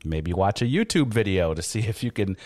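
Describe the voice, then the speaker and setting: A middle-aged man hosting an interview over a video call from his basement, speaking in measured phrases with many fillers. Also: fairly low pitch, very animated, noisy background. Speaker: host. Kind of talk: casual interview chat. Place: home basement office.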